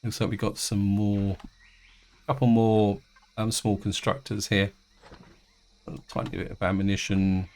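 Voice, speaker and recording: A man's voice: lowish voice, level tone, a little slow, pauses often, a little mellow. A man giving casual, rambling commentary while playing a space game, with frequent restarts and fillers. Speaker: gaming video host. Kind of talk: casual let's-play commentary.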